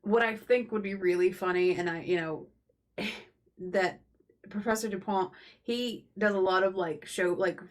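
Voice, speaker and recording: A woman co-hosting a casual game review podcast as the game master, explaining plainly with quick affirmations. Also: medium pitch. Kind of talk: casual discussion.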